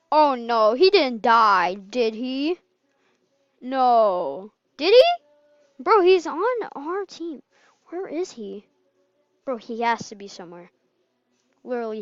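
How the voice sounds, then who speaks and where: A woman giving casual gameplay commentary, excitable and quick to laugh and yell. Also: a little high, no room sound, lo-fi sound. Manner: excitable, laughs and yells at wins and deaths. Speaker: gamer.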